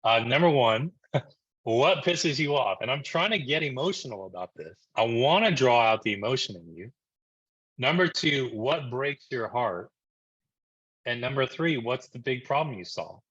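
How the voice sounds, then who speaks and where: Bright-voiced man from New Jersey coaching. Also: medium pitch, moderate pace, breathy edge, highs cut off. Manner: energetic, conversational, keeps checking in with "right?". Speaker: marketing coach presenting a webinar. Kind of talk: live online presentation.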